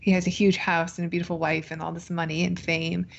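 A woman's voice: lowish voice, level tone, quick pace, creaky, lo-fi sound. A woman co-hosting a podcast in easygoing casual chat, laughing often. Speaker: podcast co-host.

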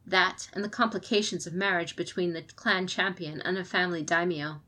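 Woman narrator, audiobook reading, steady storytelling pace, scripted narration. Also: on the low side, moderate pace.

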